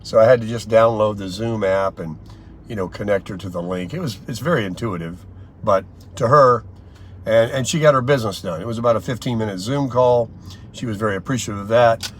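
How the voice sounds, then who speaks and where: An older man vlogging from inside a car, telling stories in a rambling, chatty way with lots of pauses and fillers. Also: lowish voice, a little hiss or hum. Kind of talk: casual daily vlog chat.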